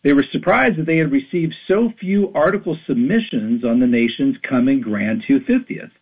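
A man in his fifties from western Pennsylvania reads an emphatic radio commentary with an animated delivery. His voice is mid-range with a breathy edge at normal speed, heard over a tinny, phone-like line.

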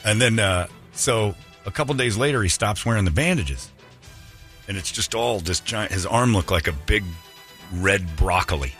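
Deep-voiced man telling rambling stories. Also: animated, moderate pace, fairly bright tone, soft background music. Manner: rambling anecdotal storyteller with restarts. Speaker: radio show host. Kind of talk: casual storytelling on morning radio.

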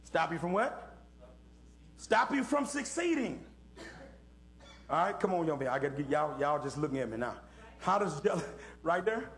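A man's voice: fairly high pitch, big pitch swings, moderate pace, pauses often. A middle-aged man leading an interactive Bible lesson for young people, asking questions and calling on listeners in a folksy preaching manner. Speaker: Bible study teacher.

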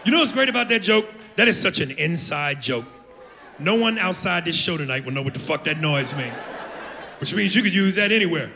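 A brash man does crude crowd work and teases the audience. His voice sits slightly high, and clear club noise runs behind it. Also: animated, brisk. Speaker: stand-up comedian. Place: comedy club stage.

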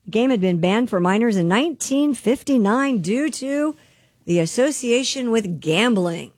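A woman's voice: on the high side, expressive, normal speed, a little mellow, dry recording, clean studio sound. A woman co-hosting a radio show, reading news teasers and ribbing the others in an upbeat way. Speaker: radio co-host and news reader. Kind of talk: casual radio banter.

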